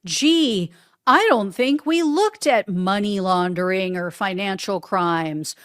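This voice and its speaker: A woman's voice: mid-range voice, animated, takes it slowly, fairly bright tone, dry recording, studio quality. A woman hosting a solo political commentary show, reading news quotes aloud and answering them with sarcasm. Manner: sarcastic, reads quotes then mocks them.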